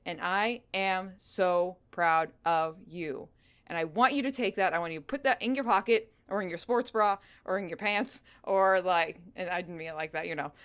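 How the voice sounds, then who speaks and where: A woman's voice: mid-range voice, fairly bright tone, smooth. A woman hosting a podcast, giving an encouraging pep talk and repeating her reassurances again and again. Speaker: podcast host.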